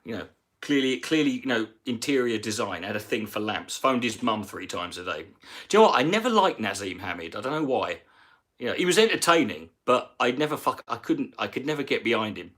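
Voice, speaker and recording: A man's voice: medium pitch, big pitch swings, a little fast, fairly bright tone. A man, a comedian, ranting casually on a live stream with rambling, profane talk and many restarts.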